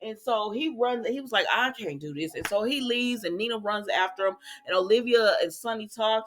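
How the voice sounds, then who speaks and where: A woman's voice: mid-range voice, brisk, few pauses, a bit bright. A woman recapping a soap opera episode in casual chat, quoting the characters and adding her own asides to viewers. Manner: chatty, talks straight to viewers, quotes characters, adds her own asides.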